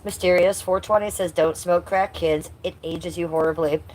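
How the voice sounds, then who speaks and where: A woman's voice: fairly low pitch, steady tone, normal speed, darkish tone. Blunt woman in her fifties, livestream host. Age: 50s. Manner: blunt, swears at rude chatters; sing-song baby talk to her cat. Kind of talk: casual livestream chat.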